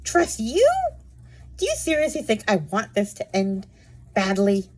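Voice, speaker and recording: A woman reading aloud and voicing a frightened young man who whimpers and pleads in a high, rising voice. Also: very animated, unhurried, a little mellow. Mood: panicked.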